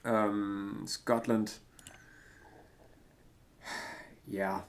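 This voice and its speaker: A Danish man, native speaker of Danish, casually comments as he plays a retro football management game in a let's-play. His voice is low, level and very slow with vocal fry, and he rambles hesitantly, using many fillers in a self-deprecating way.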